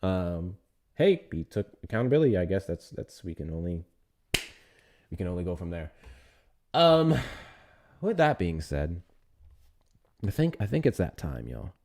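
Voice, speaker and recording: A low-voiced man hosts a casual livestream, swearing freely and teasing viewers with sarcasm. His pitch swings widely as he jokes, scolds and reads out chat. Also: sing-song, a little slow, long pauses, a little mellow. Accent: Texan. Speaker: livestream host.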